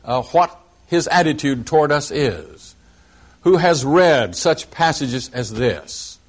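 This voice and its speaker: A mild-mannered male preacher delivering a sermon, speaking slowly and deliberately and reciting scripture in measured tones. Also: mid-range voice.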